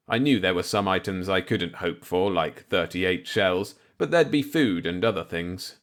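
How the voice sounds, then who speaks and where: A man reading a dark science-fiction novel aloud in the first person, measured and low-key. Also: expressive. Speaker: audiobook narrator.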